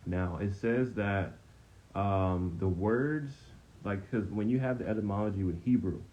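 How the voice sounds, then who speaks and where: Deep-voiced man teaching a casual Bible study. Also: a little slow, a little mellow. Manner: conversational, frequent "okay?" check-ins, repeats himself. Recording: dull, slightly lo-fi sound with faint noise.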